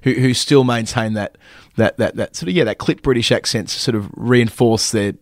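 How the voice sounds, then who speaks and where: A man co-hosting a cricket podcast in a casual, chatty way, laughing easily as he talks. His voice sits at an ordinary male pitch. The recording is dry and close. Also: moderate pace, no room sound. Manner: chatty, with frequent laughs and restarts. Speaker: podcast co-host.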